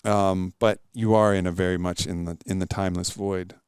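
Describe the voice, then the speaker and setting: A man's voice: sits low, flat delivery, normal speed, a little mellow, clear, resonant tone, dry recording, studio quality. A middle-aged man telling stories in an earnest, reflective way as a guest in a casual podcast interview.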